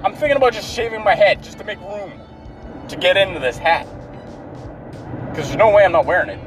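High-voiced man in a profane rant. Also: lively intonation, fairly quick, over music. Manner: profane, exasperated ranting. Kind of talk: ranting story.

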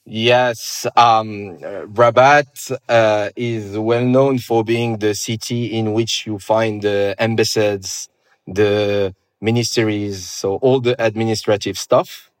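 A man in his thirties from Morocco with a Moroccan French accent, answering interview questions in a relaxed, hesitant way with many pauses. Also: lowish voice, dry recording, clean studio sound. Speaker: guest. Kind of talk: casual interview conversation.

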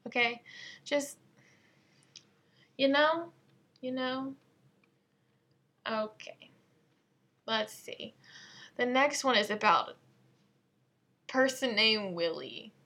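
A woman's voice: fairly high pitch, expressive, very slow, long pauses, pushed and bright. A woman hosting a casual solo podcast, playful and self-mocking, prone to giggling as she talks. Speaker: podcast host.

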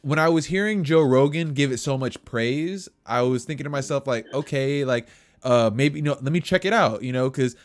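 A man's voice: medium pitch, normal speed. A man co-hosting a casual podcast chat, rambling with lots of fillers and restarts. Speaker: podcast co-host.

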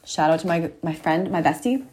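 A teenage girl talks to the camera from her mirror at home, close to the lens. Her voice sits a little low, and she rambles in a chatty, self-mocking way. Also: animated, fairly quick, a little mellow. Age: teens. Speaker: vlogger. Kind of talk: casual chat to camera.

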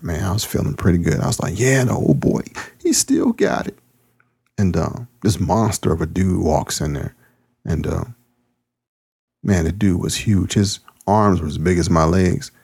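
A man's voice: low-pitched, gravelly, darkish tone, breathy edge. A man hosting his podcast, reading a story aloud and then chatting in a laid-back, slangy way. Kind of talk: audiobook narration and casual chat.

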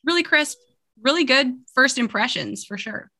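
Bright-voiced chatty woman co-host. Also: high voice, expressive, normal speed. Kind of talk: casual podcast chat.

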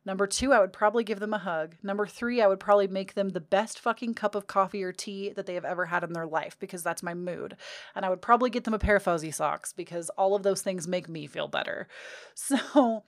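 A woman's voice: mid-range voice, fairly quick, no room sound, studio quality. A young woman talking openly to her viewers about healing and self-care, earnest and confiding, with casual swearing. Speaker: vlogger. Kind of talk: candid self-help talk to camera.

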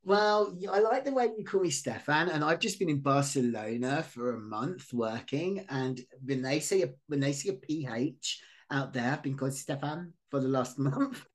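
A talkative man hosting a relaxed podcast conversation. He rambles and overexplains, laughing easily as he goes. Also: a little high, moderate pace. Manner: chatty, self-described overtalker, laughs often. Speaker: podcast host. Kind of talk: casual chat.

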